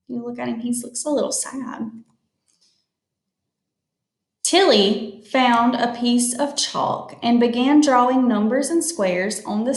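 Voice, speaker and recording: A woman reading a picture book aloud to children, slowly explaining new words as she goes. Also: a little high, echoey room. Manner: slow, explains words to young listeners. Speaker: storytime reader.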